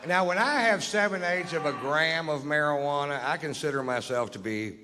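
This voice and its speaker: A man doing a stand-up set, telling a long story in a drawling, deadpan, profane way. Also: fairly high pitch, moderate pace, big-room sound, slight background noise. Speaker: stand-up comedian. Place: comedy stage.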